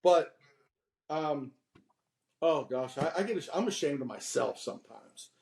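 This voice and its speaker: An animated man in his fifties talks as a podcast guest in a fairly high voice. He tells candid stories, laughs at himself, then turns preachy with advice. The room rings with a noticeable echo. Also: a little slow, creaky. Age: 50s.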